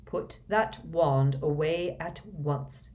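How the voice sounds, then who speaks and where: A woman voicing a cold, curt male professor with a sneering, slow delivery. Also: medium pitch, animated, darkish tone, close to an everyday voice.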